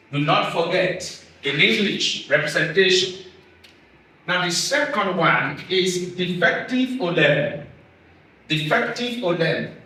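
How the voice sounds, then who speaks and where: A man, a pastor, giving a lesson on Hebrew vowels, speaking deliberately and repeating each sound. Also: on the high side, sharp tone. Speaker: pastor teaching biblical Hebrew. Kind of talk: classroom lesson. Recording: echoey room, distant from mic.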